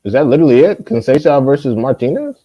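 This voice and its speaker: Mellow-voiced man, profane casual host. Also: mid-range voice, lively intonation, fast, no echo, highs cut off. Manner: profane, laughing storyteller. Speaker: podcast host. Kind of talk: casual chat.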